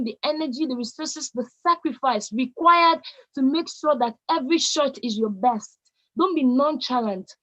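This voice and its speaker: A woman's voice: high-pitched, dull audio. A woman with a Nigerian accent giving an emphatic motivational talk to young people, stressing key words by repeating them. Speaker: conference speaker addressing young people.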